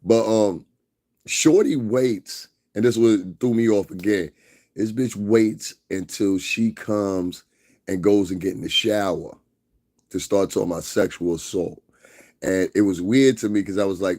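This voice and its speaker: Lowish-voiced man on a profane, rambling rant. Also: a little mellow. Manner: profane, rambling, drawn-out emphasis with frequent laughs. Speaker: livestream host. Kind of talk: casual livestream rant.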